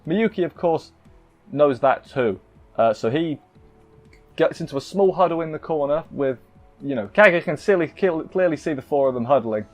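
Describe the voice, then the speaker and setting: A man's voice: on the high side, expressive, normal speed, soft background music. Man rambling through an anime recap. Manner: rambling, self-interrupting, playful asides. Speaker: anime reviewer. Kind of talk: casual episode recap.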